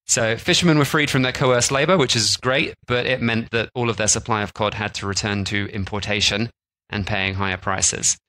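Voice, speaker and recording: A man's voice: on the low side, fairly even intonation, normal speed, pushed and bright, poor audio. A man co-hosting a travel podcast, chatting casually with plenty of "like" and restarts. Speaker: podcast co-host. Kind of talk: casual chat.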